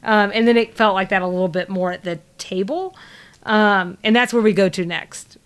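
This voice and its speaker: A woman's voice: mid-range voice, moderate pace, clear, resonant tone. Southern woman podcast co-host, chatty, rambling recap delivery. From American South. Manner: rambling, many fillers and restarts. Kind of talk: casual chat recap.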